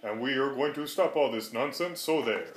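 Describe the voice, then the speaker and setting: A man voicing rowdy jungle monkeys who shout and jeer as he reads a storybook aloud. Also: mid-range voice, normal speed, lightly acted. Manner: shouting and jeering. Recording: roomy echo.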